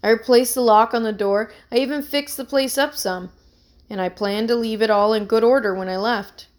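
A woman's voice: a little high, fairly even intonation, moderate pace, lightly acted. Woman voicing an anxious young man, pleading. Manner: earnest and pleading. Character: anxious young man, a struggling musician accused of theft.

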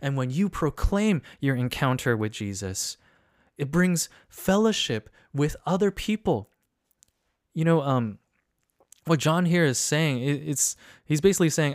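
A man's voice: mid-range voice, lively intonation, normal speed, dry recording, studio quality. A man preaching an earnest sermon with repeated questions and rising emphasis, speaking to listeners remotely. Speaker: pastor. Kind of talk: online sermon.

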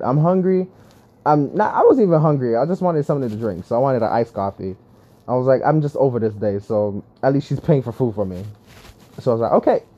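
A young man telling a casual, exasperated story about his week, often laughing, with lively swings in his voice. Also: mid-range voice, highs cut off. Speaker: vlogger.

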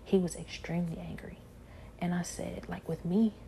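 A woman giving an earnest personal religious testimony, often soft and half-whispered, halting with restarts and filler phrases. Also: lowish voice, level tone, gravelly. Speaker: believer sharing a personal testimony.

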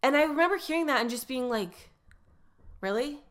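A woman's voice: high-pitched, quick pace, fairly bright tone. A woman in her thirties hosting a podcast, telling a personal story in a candid, chatty way that often breaks off mid-thought. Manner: candid, chatty, self-interrupting. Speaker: podcast host.

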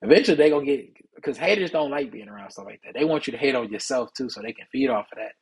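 Man, young adult, husky voice, mid pitch, casual podcast monologue, streetwise, preachy. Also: animated, rapid-fire, low-quality recording. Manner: conversational, preachy, streetwise slang. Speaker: podcast host.

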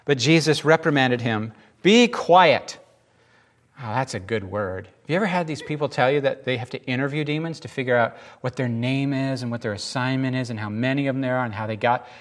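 A man preaching a casual sermon, animated and jokey, often acting out the voices in the scripture he reads. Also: medium pitch, quick pace, few pauses. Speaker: pastor.

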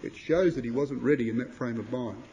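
A man preaching a sermon to brothers and sisters, reading scripture in King James wording and swinging from loud emphatic declamation to low, quiet asides. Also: brisk, lo-fi sound, slight background noise. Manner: addresses listeners as brothers and sisters.

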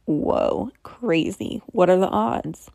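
A woman's voice: on the low side, lively intonation, slow, creaky, warm tone, dry recording, studio quality. A woman telling a strange true story in a casual way, with skeptical, wry asides.

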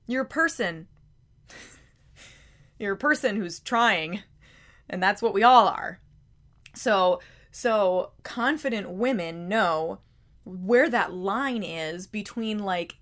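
Woman podcast host, mid pitch, chatty self-help talk, pushes with pointed questions, trips over repeated words. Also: expressive, takes it slowly, pauses often, fairly bright tone. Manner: emphatic, challenging rhetorical questions; conversational, frequent word repeats.

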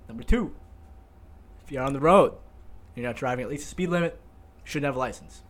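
A man's voice: mid-range voice, brisk, slight background noise. A young man co-hosting a casual podcast, laying out his points in short, punchy lists. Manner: laid-back, talks in short punchy lists. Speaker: podcast co-host.

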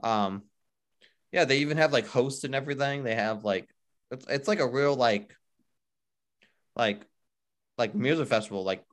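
A man's voice: mid-range voice, normal speed, long pauses. Rambling young-sounding man chatting. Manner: rambling, heavy use of "like". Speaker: podcast co-host. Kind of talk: casual chat.

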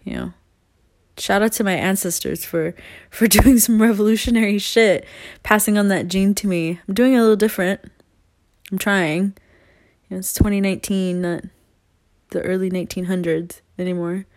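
A woman's voice: medium pitch, steady tone, moderate pace, darkish tone, no room sound, studio quality. A young woman talking straight to her viewers in a rambling, earnest way, laughing often and swearing casually. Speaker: vlogger.

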